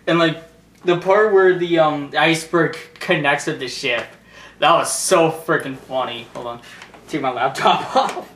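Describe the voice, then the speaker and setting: A young man giving a casual movie review, animated and laughing often, swearing freely. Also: on the high side, a little slow, echoey room, slight background noise.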